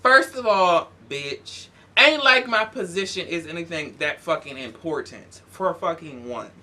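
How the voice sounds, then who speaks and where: A young man telling a story in a casual vlog, animated, profane and sassy. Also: on the high side, unhurried. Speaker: YouTuber.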